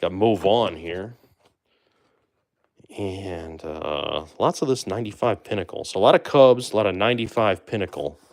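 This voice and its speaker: A man hosting a live stream, chatting casually and making relaxed asides to his viewers. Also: deep voice, normal speed. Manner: chatty, relaxed, trails off with fillers and asides to chat. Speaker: livestream host opening baseball card boxes.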